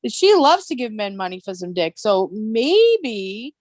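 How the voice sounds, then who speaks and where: She's a live stream host whose mid-range voice moves at a measured pace, caught in a dry recording. Blunt and constantly swearing, she rants with animation during a casual chat.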